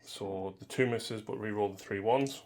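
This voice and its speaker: A man gives casual commentary while playing a tabletop wargame, methodically working through rules and dice rolls. His voice is lowish and a little mellow, at a moderate pace, with slight background noise.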